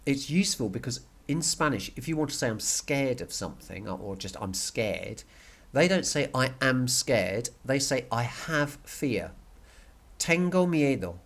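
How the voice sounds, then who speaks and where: A man's voice: medium pitch, lively intonation, a little slow. A man teaching a recorded language lesson, explaining step by step, repeating key words and checking with "okay?".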